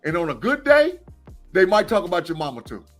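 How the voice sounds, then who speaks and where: A man's voice: high-pitched, big pitch swings, a little fast, fairly bright tone, faint music behind. A man co-hosting a sports podcast, a former college football player talking emphatically and repeating his points. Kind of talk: casual sports chat.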